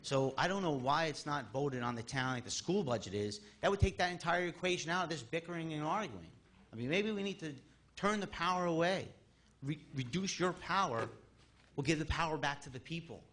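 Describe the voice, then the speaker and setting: During public comment at a town board meeting, a man in his thirties rambles in exasperation and keeps restarting his sentences. His slightly high voice is animated, brisk and fairly bright.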